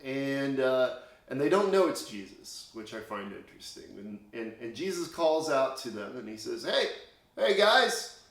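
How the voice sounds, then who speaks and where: A man's voice: mid-range voice, animated, normal speed. Chatty man telling a kids' sermon. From Indiana, USA. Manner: chatty storyteller with many fillers and restarts. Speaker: children's chapel speaker. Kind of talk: children's sermon storytelling. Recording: echoey room.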